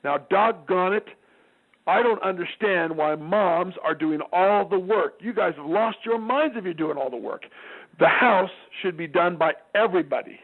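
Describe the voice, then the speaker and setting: A man's voice: sits high, normal speed. Man telling parenting stories, phone-like sound. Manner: lively storyteller who acts out quoted voices. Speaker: parenting speaker. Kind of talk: storytelling parenting talk.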